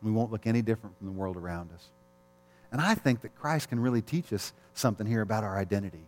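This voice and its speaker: A man's voice: fairly low pitch, animated, quick pace, a little mellow, soft background music. A middle-aged man, a pastor, preaching a sermon in a candid, conversational way, telling personal stories and often chuckling. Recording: long reverb of a large hall.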